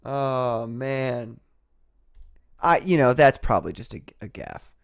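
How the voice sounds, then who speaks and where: A man's voice: mid-range voice, expressive, takes it slowly, creaky. A man hosting a casual livestream, rambling and sarcastic, often breaking into laughter. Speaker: livestream host.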